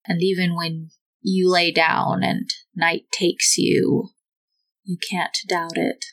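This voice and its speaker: A woman game master narrates a tabletop game slowly and with atmosphere. Her voice sits a little low and unhurried. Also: level tone, a bit bright, poor audio.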